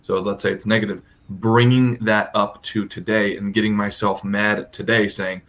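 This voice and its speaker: A man's voice: fairly low pitch, flat delivery, normal speed, few pauses, fairly bright tone. A man hosting a podcast, making his points in an emphatic, motivational way and swearing for emphasis. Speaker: podcast host. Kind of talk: casual chat. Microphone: podcast studio microphone.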